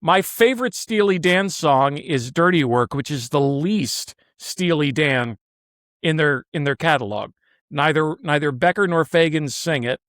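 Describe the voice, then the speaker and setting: A man's voice: a little high, animated, measured pace, fairly bright tone, no room sound. Blunt, opinionated man, dry close sound. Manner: blunt, opinionated, swears freely. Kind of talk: casual chat.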